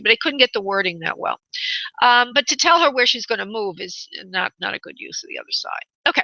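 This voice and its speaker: A woman's voice: medium pitch, sing-song, fast, vocal fry, sharp tone, no room sound, dull audio. A woman hosting a radio call-in show as a psychic medium, calling her callers honey and sweetheart.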